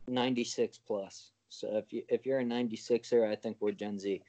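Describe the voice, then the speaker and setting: A man's voice: fairly low pitch, fairly even intonation, fairly quick, mellow, rough recording. A young man co-hosting a podcast, trading laid-back jokes and banter. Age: young adult. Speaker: podcast co-host. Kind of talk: casual chat.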